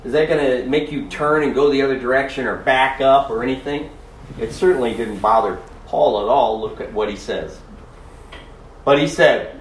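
A man's voice: mid-range voice, unhurried. A man preaching a sermon, reading scripture aloud and adding emphatic, chuckling asides. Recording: roomy echo from a distance.

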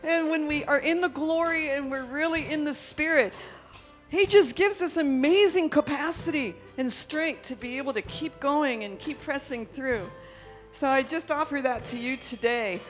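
A middle-aged woman preaching a charismatic sermon, breaking into laughter and shouts of praise between calmer stories. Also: high voice, normal speed, faint music behind.

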